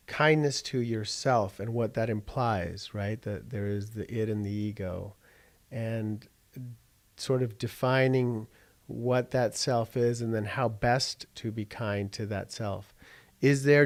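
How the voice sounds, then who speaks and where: A man interviewing a guest, asking long, searching questions with lots of fillers and restarts. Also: lowish voice. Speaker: interviewer host.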